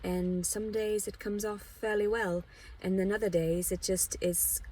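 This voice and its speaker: Rambling, husky-voiced woman vlogger. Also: medium pitch, fairly even intonation, measured pace, a little mellow, distant mic. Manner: meandering, restarts often, blunt and frank. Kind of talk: rambling personal monologue.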